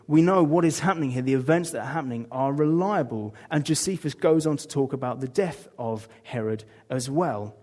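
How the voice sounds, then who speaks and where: A man with an English accent preaching a sermon in a conversational way, dropping low for asides and briefly putting on mocking voices for quotes. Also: a little mellow.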